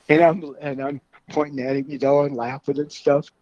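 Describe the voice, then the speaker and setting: A man with a fairly high voice spins folksy stories as a car club guest, often breaking into laughter at his own tales. The sound is dry, with a slightly dull, muffled tone. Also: little pitch movement, moderate pace, hardly any pauses, darkish tone, dry recording. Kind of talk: casual storytelling.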